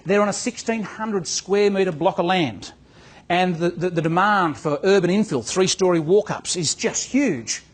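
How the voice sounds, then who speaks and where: Addressing real estate agents as a motivational business coach, this man tells a story, voicing its dialogue and repeating words as he goes. He has a high voice and talks a little slowly.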